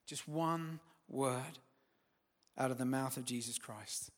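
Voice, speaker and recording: A man preaching a sermon, building to loud, emphatic peaks and then dropping to quiet, firm words. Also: medium pitch, slow, big-room sound.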